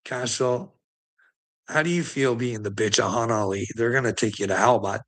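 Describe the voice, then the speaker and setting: A man's voice: mid-range voice, lively intonation, normal speed, pauses often, fairly bright tone. A man delivering a profane, taunting rant as an online commentator, mocking his listeners with laughs and repeating words for emphasis. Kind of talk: ranting monologue to camera.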